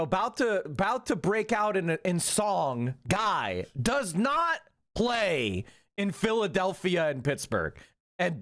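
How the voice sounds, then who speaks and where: A man on a live stream, venting in a profane, exasperated rant. His voice sits high for a man and leaps up and down as he hammers his points home. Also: a bit bright. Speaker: political streamer. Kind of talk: ranting live commentary.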